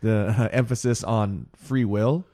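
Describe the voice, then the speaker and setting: A man's voice: lowish voice, fairly even intonation, a little slow, warm tone. A man hosting a talk show, asking hesitant questions with frequent restarts. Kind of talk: Christian talk show discussion.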